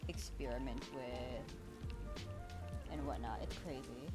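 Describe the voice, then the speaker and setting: A woman's voice: very deep voice, steady tone, slow. A woman streamer chatting casually with her chat while she draws, bubbly and a bit chaotic. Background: background music.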